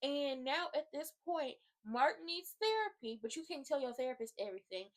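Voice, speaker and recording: A woman hosting her own video channel, giving a casual, animated recap of a TV drama full of slang and talking straight to her viewers. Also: high voice, moderate pace. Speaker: YouTube host recapping a TV drama.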